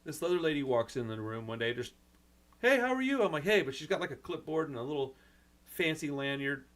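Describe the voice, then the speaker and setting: A man's voice: medium pitch, fast talker. A man who hosts his own channel and runs a record store, talking in a rambling, frustrated way, close to tears. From United States. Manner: rambling, frustrated, swears mildly, says "man" and "dude" often. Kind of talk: emotional personal rant to camera.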